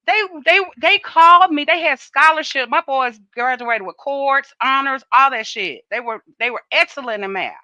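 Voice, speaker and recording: A middle-aged woman with a bright, high-set voice tells stories in a lively, swearing way, playing out each exchange herself. The sound is dry and close. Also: moderate pace, hardly any pauses, dry recording, muffled recording. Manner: animated, profane, acts out dialogue. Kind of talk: casual storytelling.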